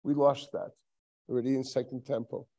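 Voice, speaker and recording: A rabbi in his seventies gives a Tisha B'Av sermon in a mid-range, mellow voice with little pitch movement and a brisk pace. He tells stories, often chuckling and posing rhetorical questions.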